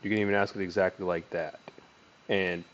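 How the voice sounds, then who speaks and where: Casual man coaching sales calls, low voice. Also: dull audio. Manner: conversational, hesitant with deliberate fillers and restarts; lively inflection, pitch rising and falling. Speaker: sales trainer. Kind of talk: casual teaching monologue with role-played call lines.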